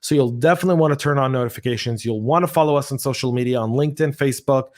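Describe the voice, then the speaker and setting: An American man hosting a podcast, energetic and animated, telling stories with playful voices. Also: medium pitch, rapid-fire. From United States. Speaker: podcast host.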